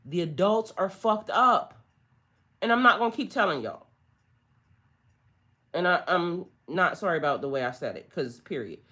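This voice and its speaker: A woman's voice: on the low side, animated, moderate pace, pauses often, bright, forceful tone. A woman talks straight to her viewers during a spiritual reading. She is blunt and sassy, swears freely and hammers her points home with emphasis. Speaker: spiritual tarot reader. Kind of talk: casual livestream reading.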